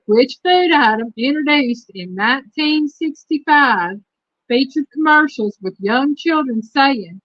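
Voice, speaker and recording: A woman's voice: high voice, no echo. Woman hosting a trivia livestream. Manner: reads quiz questions slowly and repeats them. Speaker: host. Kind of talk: casual livestream trivia chat. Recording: dull lo-fi stream audio.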